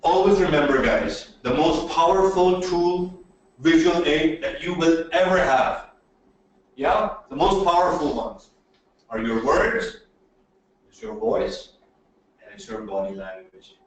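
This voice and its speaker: A man giving a webinar lecture on presentation skills, emphatic and animated, often checking in with "okay?". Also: fairly high pitch, takes it slowly, very echoey, distant mic, muffled recording. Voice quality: animated, swings loud and soft.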